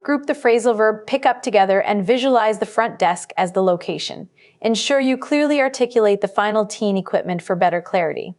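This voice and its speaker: A woman gives a scripted English test-prep lesson. Her voice is mid-pitched and even. She speaks in a clear, measured, instructive way.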